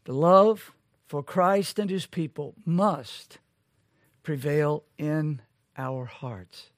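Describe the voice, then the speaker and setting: Brief: high-pitched male preacher, slow and deliberate, pressing rhetorical questions, dry close sound. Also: dry recording. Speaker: pastor. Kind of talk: sermon.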